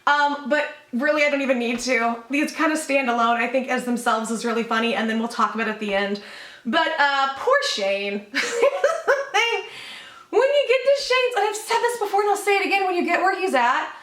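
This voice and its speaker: A woman with a high, sharp voice tears through a sarcastic, profane commentary rant, laughing and rambling as she goes. She is recorded in a room at home, and the sound carries a roomy echo. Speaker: YouTube commentator. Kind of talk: casual commentary vlog.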